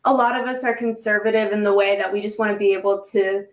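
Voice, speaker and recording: A woman's voice: mid-range voice, fairly even intonation, quick pace, reverberant. A woman in casual chat, giggly and joking.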